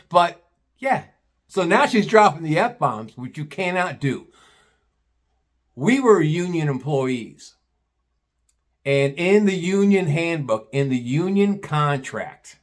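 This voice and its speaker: A retired butcher in his sixties telling a rambling, profane story about a customer. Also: on the high side. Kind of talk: casual storytelling.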